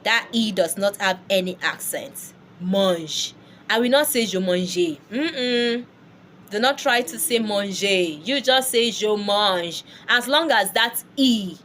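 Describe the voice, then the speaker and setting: Slow, patient woman teaching French. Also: mid-range voice, expressive, fairly bright tone, a little hiss or hum. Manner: patient, repeats words for learners to echo. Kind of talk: language lesson.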